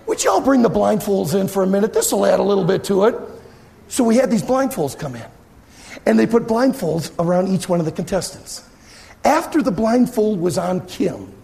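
A middle-aged man, a youth pastor, telling a funny story in a sermon and acting out his own shouting and cheering. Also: high-pitched, creaky.

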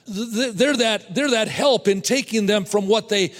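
A man preaching a sermon to fellow preachers, emphatic, repeating words and slowing down to stress points. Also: high-pitched, in a large hall. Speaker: preacher teaching other preachers.

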